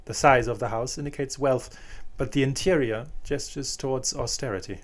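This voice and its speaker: A man's voice: medium pitch, steady tone, moderate pace. A man narrating a fan fiction story aloud, reading plainly with small restarts.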